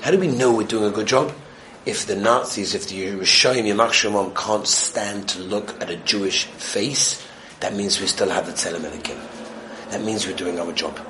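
A man giving a Torah lesson on the weekly portion, telling stories animatedly and moving between loud excitement and hushed tones. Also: lowish voice, moderate pace, slight background noise. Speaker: Torah teacher.

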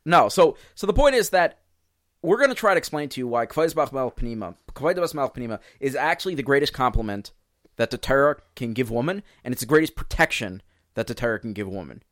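A man co-hosting a religious discussion podcast, explaining points in a lively way and acting out quoted speakers. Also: mid-range voice, fast, dry recording, studio quality. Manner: animated, explains with quoted voices. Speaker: podcast co-host.

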